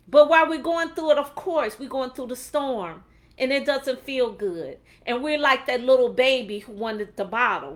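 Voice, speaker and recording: Animated woman preaching faith encouragement. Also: on the high side. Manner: animated, preachy, laughs often, acts out quotes. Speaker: motivational speaker. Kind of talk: faith-based motivational talk on a livestream.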